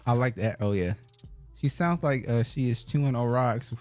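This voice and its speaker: A man's voice: mid-range voice, moderate pace, a little mellow, dry recording, faint music behind. A man co-hosting a podcast in casual chat, joking, teasing and laughing often. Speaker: podcast co-host.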